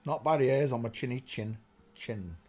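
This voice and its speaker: A livestream host with a mellow, mid-range voice talks at a moderate pace. He rants in a rambling monologue aimed at his chat, muttering to himself while he searches on screen.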